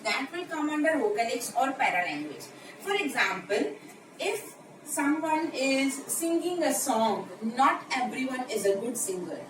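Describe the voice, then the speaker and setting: Indian english lady teaching, repeats her key words, high voice, roomy echo. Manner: explanatory, repeats key terms. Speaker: lecturer. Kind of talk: lecture video. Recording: echoey room, mic at a distance, background noise.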